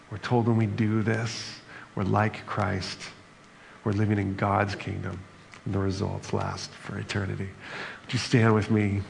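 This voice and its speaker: Man, pastor, sermon, gravelly low voice, earnest, reverberant church hall, faint background noise. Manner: earnest, reflective preaching with brief humor. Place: church sanctuary.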